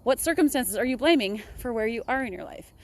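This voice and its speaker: Young woman, chatty motivational vlog, upbeat, laughs easily, fairly high voice, outdoors. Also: expressive, fast talker, darkish tone. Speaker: vlogger.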